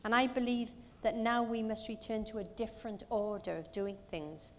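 A woman's voice: fairly high pitch, normal speed, long reverb tail. A woman preaching a sermon in a church, telling stories earnestly and asking her listeners rhetorical questions.

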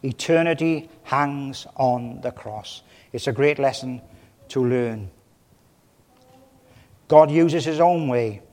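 A man's voice: medium pitch, takes it slowly, long pauses, a little mellow. Male preacher, from Wales, passionate sermon delivery with big dynamic swings, recorded in a reverberant hall. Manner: impassioned, swelling and dropping in volume. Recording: long reverb of a large hall.

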